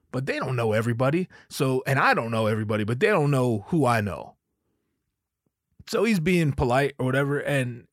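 A man hosting a podcast tells a story in a casual, cussing way and laughs along with it. His middle-pitched voice rises and falls a lot. It is recorded close to the mic in a dry, dead space. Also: dry recording. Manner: animated, profane, laughs while telling stories. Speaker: podcast host.

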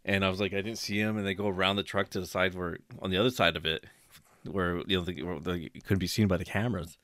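Guy with a lowish voice telling a story, gets loud when he quotes people, dry mic. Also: fast, dry recording. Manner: animated storyteller, acts out quotes loudly with laughter. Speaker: podcast co-host. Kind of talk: casual storytelling chat.

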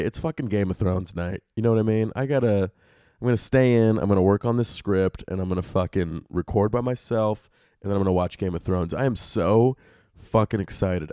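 A man's voice: medium pitch, darkish tone, no room sound, studio quality. A young man hosting a podcast alone, delivering a profane, exasperated comedic rant. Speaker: podcast host.

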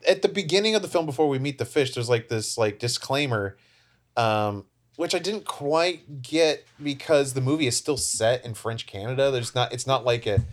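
A man's voice: medium pitch, normal speed. A man co-hosting a casual film podcast, rambling through points and acting out characters' lines. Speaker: podcast co-host.

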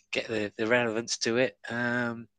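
A man telling comedy stories in a loose, rambling way. His voice is bright and forward, at an ordinary middle pitch. He chuckles along and trips over restarts, speaking through an online call. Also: completely flat delivery, takes it slowly, clean tone, no room sound. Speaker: stand-up comedian, guest. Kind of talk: casual interview chat. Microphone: online call app.

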